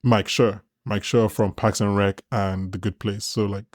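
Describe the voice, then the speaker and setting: A man's voice: on the low side, flat delivery, unhurried, darkish tone, no echo, studio quality. A man co-hosting a podcast in casual chat, rambling and often restarting his sentences. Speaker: podcast co-host.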